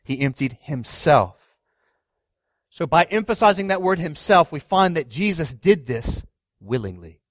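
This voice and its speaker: A man in his thirties, a pastor preaching a sermon, asking the congregation questions and swinging from loud stress to hushed words. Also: a little high, sing-song, moderate pace, no echo, clean studio sound.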